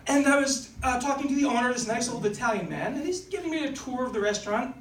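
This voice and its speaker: A man's voice: very high-pitched, expressive, quick pace, fairly bright tone, distant mic, a little hiss or hum. A man doing stand-up comedy at an open mic in a small comedy club, with chatty, self-deprecating storytelling. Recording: roomy club, mic heard from afar. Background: small audience laughing.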